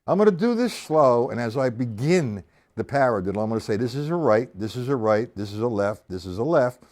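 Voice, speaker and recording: A man's voice: medium pitch, animated, a little fast, a little mellow. A man giving a live-streamed drum lesson, counting out and calling stickings aloud as he explains each step, with a drum kit playing behind him. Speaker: drum teacher.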